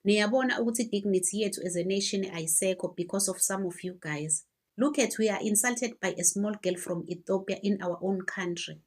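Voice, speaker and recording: A woman's voice: medium pitch, fairly quick. A woman with a South African accent lecturing her viewers and asking pointed rhetorical questions. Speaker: commentator. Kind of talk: social commentary to camera.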